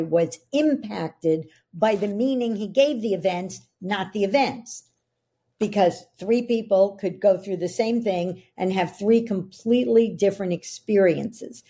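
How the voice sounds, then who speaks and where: A woman's voice: medium pitch, mellow, slightly rough. A middle-aged woman, a podcast guest, explaining ideas in an earnest coaching tone. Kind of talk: interview conversation.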